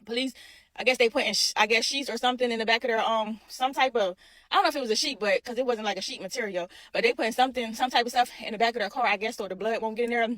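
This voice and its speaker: Young woman, casual storyteller; quick delivery, bright-ish high voice, keeps repeating lines. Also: no echo. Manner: animated, repeats herself, addresses viewers as y'all.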